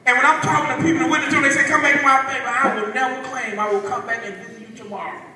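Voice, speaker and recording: A man with a Southern US accent, preaching a sermon as pastor, swinging between shouts and low murmurs. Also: fairly even intonation, very fast. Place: church sanctuary. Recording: echoey hall, far from the mic.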